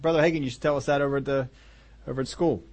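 A man preaching a sermon, urgent and emphatic, swinging between loud bursts and quiet low asides and often repeating himself. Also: fairly even intonation, very fast. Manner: repeats and restarts phrases while preaching.

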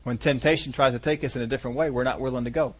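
A man's voice: mid-range voice, steady tone, very fast, husky. A male pastor preaching a sermon in a conversational, folksy way, often asking his congregation questions.

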